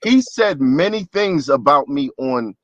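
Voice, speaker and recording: A man's voice: a little high, expressive, measured pace, fairly bright tone, no room sound, highs cut off. A man in a played clip, telling a story in casual chat and mocking others' words. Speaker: podcast host in a played clip.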